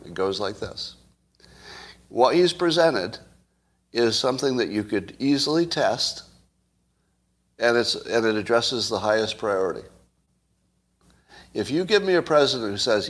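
A man's voice: animated, unhurried, long pauses, husky. A man hosting a solo commentary show, arguing his point in a conversational way and putting questions to his audience. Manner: wide swings in pitch and loudness.

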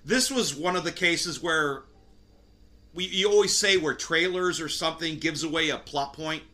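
A man with a higher-than-usual, bright and forceful voice hosts a casual movie podcast. He talks through scenes in a chatty way, sometimes slipping into quick mimicry of the characters. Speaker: podcast host. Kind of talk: casual movie review chat.

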